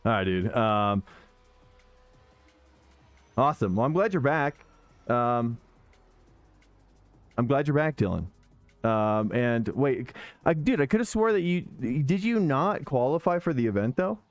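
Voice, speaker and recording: A man's voice: medium pitch, sing-song, unhurried, long pauses, no room sound, soft background music. Chatty, self-correcting sim racing streamer man. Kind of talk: casual live-stream chat while driving.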